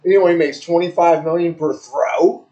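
Man doing crude play-by-play, high voice. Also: normal speed, dark tone, reverberant, rough recording. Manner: crude, joking, repeats himself. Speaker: amateur commentator. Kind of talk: rambling play-by-play over a televised game.

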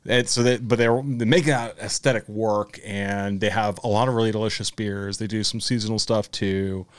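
Laid-back man podcast co-host, low voice. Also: normal speed, smooth, no echo. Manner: relaxed, hesitant, lots of fillers. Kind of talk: casual chat.

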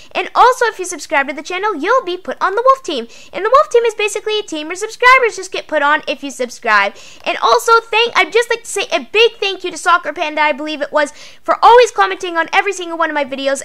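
A woman's voice: very high-pitched, sharp tone. A woman hosting her own gaming channel in casual gameplay commentary, chatty and counting aloud as she talks to her viewers.

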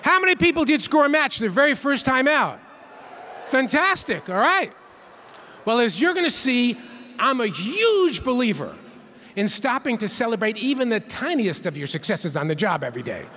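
A man's voice: extremely high pitch, big pitch swings, normal speed, sharp tone, a little hiss or hum. A man giving a playful keynote talk, leading the audience in call-and-response counts in a large conference hall. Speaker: keynote speaker. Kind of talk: interactive plenary talk.

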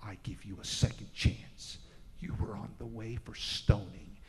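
A man voicing a gentle, forgiving figure who speaks in a low, half-whispered hush. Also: fairly even intonation, unhurried. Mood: tender. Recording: echoey church hall.

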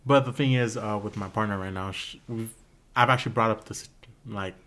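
A young man answers as a podcast guest. He speaks hesitantly, with plenty of fillers. His voice is somewhat low-pitched. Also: brisk, bright, forceful tone. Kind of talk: casual chat.

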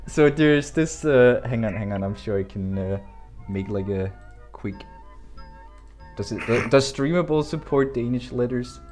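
A man's voice: medium pitch, expressive, a little slow, a little mellow, soft background music. Laughing, rambling young man on stream. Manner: laughing often, rambling, swearing. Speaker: game co-creator. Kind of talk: casual stream chat.

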